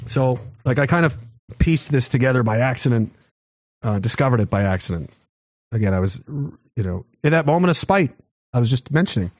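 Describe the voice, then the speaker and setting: A man's voice: mid-range voice, expressive, brisk, no echo. A man in his thirties telling a war story in a casual, profane, rambling way, mocking himself and reading comments from chat. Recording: dull lo-fi dry sound.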